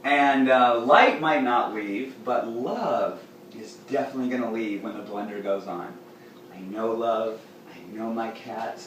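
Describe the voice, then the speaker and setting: A man's voice: mid-range voice, animated, a little slow, fairly bright tone, a little hiss or hum. A playful, effusive man demonstrating a recipe in a home kitchen, cooing at his cat between steps. He sounds far from the mic in a very echoey room, with faint ambience behind him. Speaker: raw food cooking show host. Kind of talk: casual cooking demonstration.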